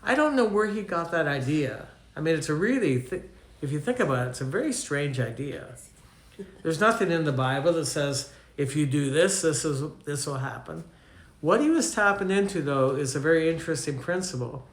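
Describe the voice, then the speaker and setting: Canadian preacher telling stories. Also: male voice, fairly high pitch, lively intonation, moderate pace, echoey room. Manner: storytelling, conversational, asks the audience questions. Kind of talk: teaching sermon.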